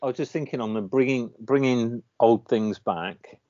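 A man's voice: mid-range voice, moderate pace, darkish tone, no room sound. A man co-hosting a casual podcast chat, rambling and hesitant, full of ums and uhs. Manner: rambling, hesitant with many fillers. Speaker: podcast co-host. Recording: dull lo-fi dry recording.

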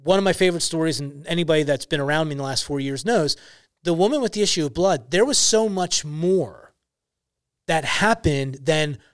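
A young man talks earnestly on a faith podcast, stressing his points and leaning on casual fillers. His voice sits a little high. The sound is dry and close to the mic. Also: fairly quick, clean tone, no room sound. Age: young adult. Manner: earnest, emphatic storytelling with many "like" fillers. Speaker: podcast guest, ministry founder.

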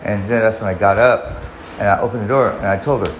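A man's voice: on the low side, steady tone, quick pace, reverberant, slight background noise, rough recording. A man casually telling a personal story in a rambling way, restarting often and swearing. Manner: rambling, frequent restarts and profanity.

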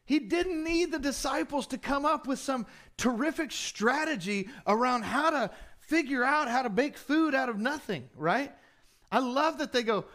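A man's voice: very high-pitched, expressive, normal speed, a bit bright. A male pastor preaching a sermon in a conversational way, with rhetorical questions and humorous asides.

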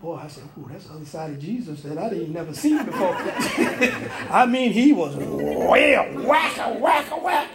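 A man's voice: a little high, expressive, a little slow, creaky, few pauses, reverberant, background noise. A man preaching, telling a dream as a story and acting out the voices and sounds in it. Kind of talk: sermon testimony.

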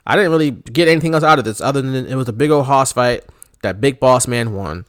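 A fast-talking man with a medium-pitched voice co-hosts a podcast in easygoing chat. He laughs often, stays animated, throws in jokes on the side, and mock-shouts some bits.

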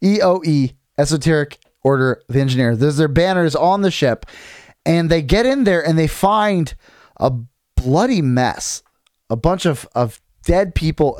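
A rambling, talkative man recaps a book on a podcast in a fairly high voice. He keeps restarting his sentences and reads bits of the text aloud. The sound is close and dry. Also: a little mellow, dry recording. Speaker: podcast co-host. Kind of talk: casual chat recapping a book.

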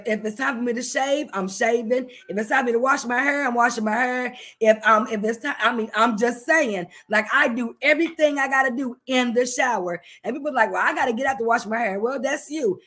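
Lively high-voiced woman minister preaching. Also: moderate pace. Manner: lively and chatty, laughs often, shifts between loud and hushed. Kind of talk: sermon.

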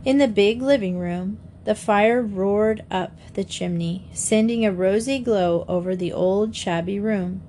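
Gentle woman narrating a storybook. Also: mid-range voice, slight background noise. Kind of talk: audiobook narration.

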